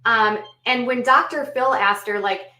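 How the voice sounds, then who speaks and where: A woman host recapping a story and adding her own commentary, in a measured way with frequent ums and self-corrections. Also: a little high, bright, forceful tone. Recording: echoey room, voice a bit off the mic.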